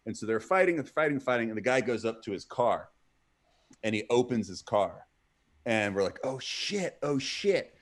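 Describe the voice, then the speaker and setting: A man's voice: lowish voice, moderate pace. A man, a comedy stream co-host, telling a story casually and acting out what people said. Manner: animated, acts out what people said.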